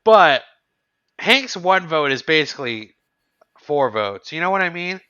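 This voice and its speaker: A man's voice: on the high side, sing-song, measured pace, pushed and bright, clear, resonant tone, muffled recording. A man co-hosting a podcast, musing and asking questions in casual chat. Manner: musing, chatty, asks questions. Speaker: podcast co-host.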